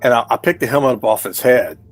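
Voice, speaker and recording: A man playing a tabletop game, describing his character's tricks in a playful, animated way. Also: mid-range voice, fast talker, faint music behind. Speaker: player.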